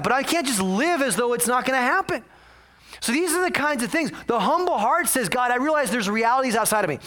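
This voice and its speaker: Male pastor, high and bright voice, lively sermon delivery with quick acted-out asides. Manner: animated, swings between quiet asides and loud exclamations; acts out voices of his congregation. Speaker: senior pastor. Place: church sanctuary.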